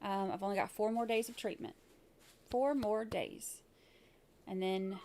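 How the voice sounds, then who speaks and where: A woman's voice: medium pitch, fairly even intonation, unhurried, darkish tone, slight background noise. A woman hosting a casual livestream about a trial, talking in a chatty, rambling way with lots of fillers. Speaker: host of a live trial commentary stream.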